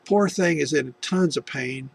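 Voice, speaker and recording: Speaking slowly in a creaky, higher-than-average voice, this video testimony host recounts his faith journey with frequent restarts and tangents. He's a middle-aged man from the US, and there's a little background noise.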